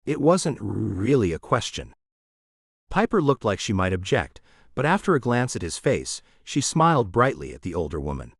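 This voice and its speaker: A man narrating a romantic comedy audiobook with expressive storytelling. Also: fairly low pitch, moderate pace, creaky, husky, no room sound, clean studio sound.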